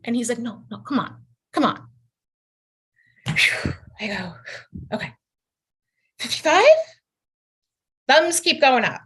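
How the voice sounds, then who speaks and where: A woman's voice: on the high side, slow pace, pauses often, breathy edge. A woman in her thirties performing a stand-up set over a video call, acting out quoted voices with big swings. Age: 30s. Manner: animated, jumps into exaggerated quoted voices. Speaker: stand-up comedian.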